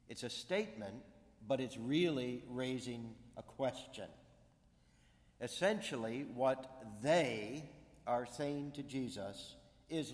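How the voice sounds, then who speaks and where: A male preacher delivers a sermon at an unhurried, measured pace, leaning on key words for emphasis. His voice carries a long reverb, as if he is speaking in a large church hall. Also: mid-range voice. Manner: slow, deliberate, emphatic pulpit delivery.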